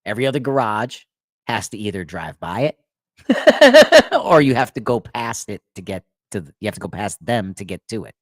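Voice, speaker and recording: A man's voice: on the low side, wildly swooping pitch, moderate pace, no echo, studio quality. A man hosting a podcast, telling a long rambling story in casual chat and laughing at his own jokes. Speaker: podcast host.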